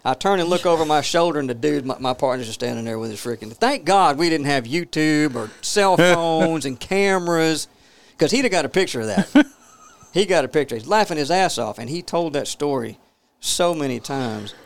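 A man's voice: fairly high pitch, animated, moderate pace. A man who used to be a police officer, telling a profane story. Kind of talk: casual storytelling.

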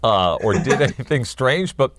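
A man in his fifties with a New York accent, a guest chatting in a relaxed, wry way and laughing often. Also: mid-range voice, normal speed, a little hiss or hum. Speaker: guest, former wrestling announcer. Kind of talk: casual interview chat.

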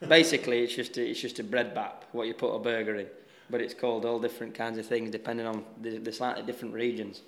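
A young Yorkshire man talks easily in an interview, stopping and restarting his sentences often. His voice stays flat in tone and sits at an ordinary pitch. It sounds like he is in an echoey room. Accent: Yorkshire English. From Yorkshire, England. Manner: relaxed, halting, many restarts and fillers. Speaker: professional golfer, interviewee. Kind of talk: casual interview answers.

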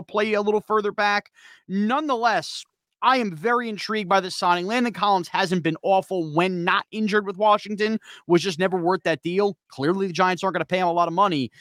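A man hosting a sports podcast, talking quickly and casually with frequent "uh" fillers. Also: high voice, fairly bright tone, no echo, clean studio sound. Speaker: podcast host.

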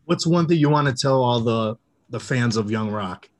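A man hosting an interview at an ordinary pitch for a man. He asks his questions haltingly, filling pauses with uh and like as he goes. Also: expressive. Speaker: podcast host.

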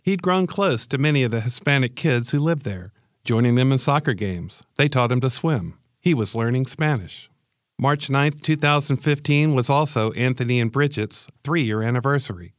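A man's voice: medium pitch, dry recording. Man narrating, dry close sound. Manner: measured, documentary. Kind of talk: scripted narration.

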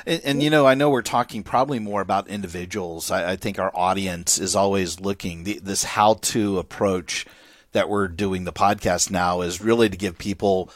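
A man co-hosting a podcast, talking in an animated, persuasive way and often repeating words. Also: low-pitched, normal speed, dry recording, clean studio sound. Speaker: podcast co-host and speaker. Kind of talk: conversational podcast chat.

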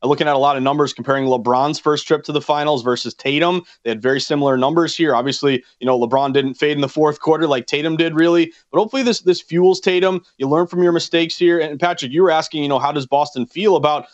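A man from New England co-hosting a sports betting show, talking with quick enthusiasm and frequent restarts. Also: fairly high pitch, steady tone. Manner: fast, enthusiastic, rambling with restarts. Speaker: co-host. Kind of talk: sports betting radio chat. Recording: slightly dull lo-fi sound.

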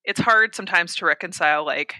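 A woman in her thirties talks candidly, laughing often and poking fun at herself. Her voice is very bright. The recording is dry and close. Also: fairly low pitch, quick pace, no room sound. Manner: candid, laughing, self-deprecating. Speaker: romance author; mother. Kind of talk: casual podcast chat.

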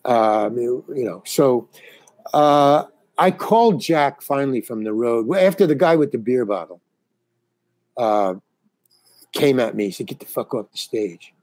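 A man's voice: medium pitch, animated, unhurried, pauses often, a little mellow, no room sound. An older man, a comedian, telling stories in a casual interview, rambling with restarts. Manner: rambling, restarts, acts out quoted dialogue. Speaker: comedian guest.

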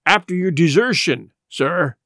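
A man's voice: a little high, animated, normal speed, dry recording, studio quality. Man putting on a sly, hearty pirate chief. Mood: wheedling. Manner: hearty, ingratiating. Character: sly one-legged male pirate leader, cheery and wheedling.

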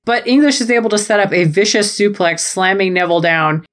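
A woman's voice: mid-range voice, a little fast. A woman co-hosting a podcast, recapping wrestling matches in a playful, jokey way with goofy quoted voices. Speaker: podcast co-host. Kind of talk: casual wrestling recap chat.

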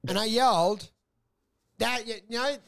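A man with a notably high-pitched voice rambles through crude, animated stories. He talks in a loose, casual podcast manner. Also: a little slow, creaky, clean tone. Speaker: podcast co-host. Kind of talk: casual comedic chat.

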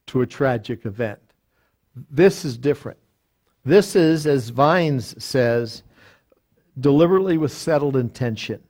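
Working through a Bible study verse by verse, an older pastor speaks in a medium-pitched, darkish voice. His manner is deliberate, he quotes lexicons and reference books aloud, and frequent fillers and restarts break up his speech.

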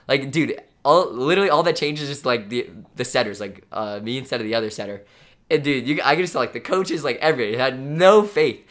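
A man's voice: mid-range voice, fast talker, fairly bright tone. Young man rambling with "dude" and "like". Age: young adult. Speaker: podcast co-host, pro volleyball player. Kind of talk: casual chat.

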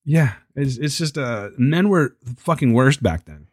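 A man's voice: medium pitch, expressive, measured pace, dry recording, studio quality. Blunt, swearing man reviewing a film. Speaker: podcast co-host. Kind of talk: casual film review chat.

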